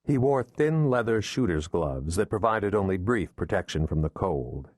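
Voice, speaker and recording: Deep-voiced male thriller narrator. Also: no echo, studio quality. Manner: measured, steady storytelling. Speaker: audiobook narrator.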